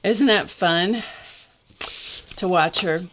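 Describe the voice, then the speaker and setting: A woman's voice: fairly low pitch, takes it slowly, background noise. A woman hosting a live art session, chatting casually and rambling in a self-deprecating way while she crafts. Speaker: host of an art livestream.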